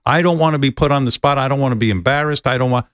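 A man's voice: mid-range voice, racing, no room sound, clean studio sound, close to an everyday voice. A man doing his fretful, protesting wife. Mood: anxious. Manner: anxious, pleading, protesting. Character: fretful wife who hates fuss, woman.

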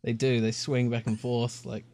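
A man, a podcast co-host in casual chat, playful and quick to laugh. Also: medium pitch, level tone, darkish tone, no echo, studio quality. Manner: playful, jokey, laughs often.

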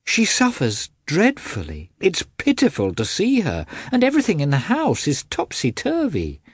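A man's voice: fairly high pitch, huge pitch swings, moderate pace, husky, dry recording, studio quality, voice pushed up, exaggerated voice. A man doing a stern, pleading old nurse. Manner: earnest, imploring.

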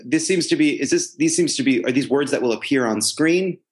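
A man's voice: medium pitch, expressive, a little fast. Man, comedic banter, mock-polite, keeps interrupting with questions. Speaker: listener giving notes.

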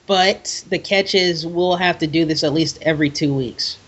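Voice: mid-range voice, moderate pace, fairly bright tone, breathy edge, highs cut off. A podcast co-host chatting casually in a wry way and laughing easily. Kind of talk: casual chat.

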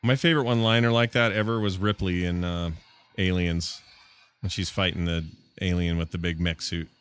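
Low, bright-toned male podcast host, animated and jokey, movie riffing. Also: normal speed, clear, resonant tone. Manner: joking, laughs often, wry asides. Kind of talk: casual movie-watching commentary.

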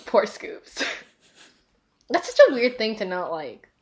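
A woman's voice: mid-range voice, sing-song, slow. A woman co-hosting a podcast in casual chat, talkative and giggly, with lots of fillers. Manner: chatty and giggly, with many fillers. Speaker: podcast co-host.

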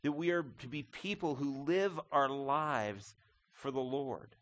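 A middle-aged man preaching from the pulpit in an easy, conversational way. His voice sits in an ordinary middle pitch. He drops low and soft for reflection, then rises and gets loud for emphasis. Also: expressive, slow pace. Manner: conversational, addresses listeners as folks. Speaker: pastor. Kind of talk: sermon.

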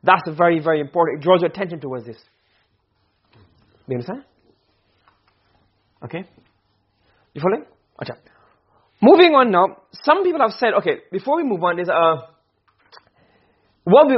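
A male teacher giving a classroom lecture on grammar, explaining and then checking understanding with quick questions. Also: sits high, breathy edge, dull audio.

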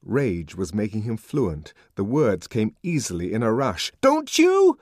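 A man reading a novel aloud as an audiobook narrator, with dramatic, expressive delivery. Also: fairly low pitch, a little slow, husky, dry recording, clean studio sound. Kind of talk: scripted narration.

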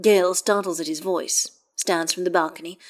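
A woman reading fan fiction aloud in a calm, even storytelling manner. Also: on the low side, normal speed. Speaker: audiobook reader.

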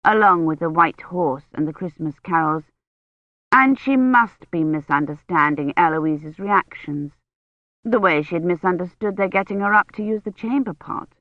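A woman narrating an audiobook in a measured, steady reading voice. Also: fairly low pitch, no room sound. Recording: dull, dry studio read.

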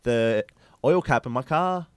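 A young man telling everyday stories on a podcast, laughing often and making deadpan asides. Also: mid-range voice, a little slow, clean tone, dry recording. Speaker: podcast co-host. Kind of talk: casual podcast banter.

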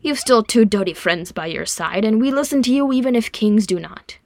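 A woman's voice: a little high, normal speed, gravelly, darkish tone, no room sound, studio quality. A woman voicing a proud, boisterous male dwarf warrior in a fan audiobook reading, hearty and teasing.

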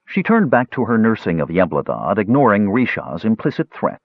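A man narrating a fantasy audiobook in an expressive storytelling style. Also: deep voice, normal speed, slightly rough, no echo. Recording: slightly dull lo-fi audiobook recording.

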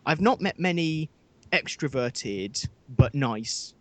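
A man co-hosting a podcast in a loose, joking banter. He talks in lively, quick bursts and keeps the conversation moving. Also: on the high side. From England. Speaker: podcast co-host. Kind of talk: casual chat.

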